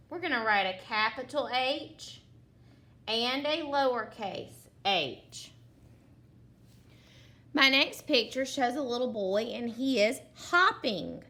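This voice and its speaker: In a fairly high, sharp voice, a woman teaches phonics to young children. She sounds out the letters slowly and deliberately and praises them frequently.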